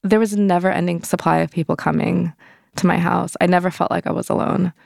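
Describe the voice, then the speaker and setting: A woman's voice: lowish voice, fairly even intonation, fast talker, gravelly, darkish tone, no echo, studio quality. A young woman telling a personal story in an interview, candid and loose, full of "like" fillers. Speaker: interview guest.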